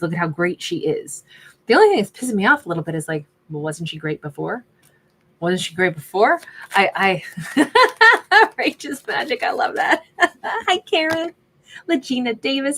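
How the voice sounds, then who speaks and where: A woman doing a casual tarot reading, chatty and sassy, laughing often and reading out viewer names. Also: low voice. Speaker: tarot reader.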